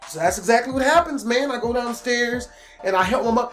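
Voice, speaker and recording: High-voiced animated male storyteller. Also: quick pace, soft background music. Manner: animated, emphatic, swings between yelling and muttering. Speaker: storytelling vlogger. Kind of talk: comic personal storytime.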